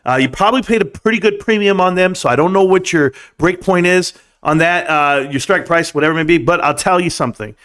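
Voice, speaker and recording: Male livestream host, middle-aged, high-pitched, boastful trash-talker with singing outbursts. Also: fast talker, few pauses. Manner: brash, boastful trash talk with swearing; bursts into singing and shouting. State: out of breath. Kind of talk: hyped late-night stock talk livestream.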